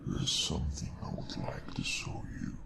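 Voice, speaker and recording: A man voicing an ancient, sinister eldritch god in a game, speaking in a drawn-out gravelly whisper through a distant, otherworldly filter. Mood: beckoning, sinister.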